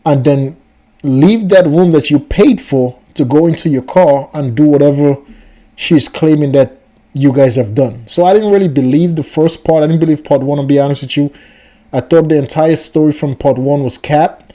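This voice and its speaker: A man's voice: a little high, moderate pace, mellow. A man hosting a reaction video, commenting on a story in a rambling, incredulous and chatty way.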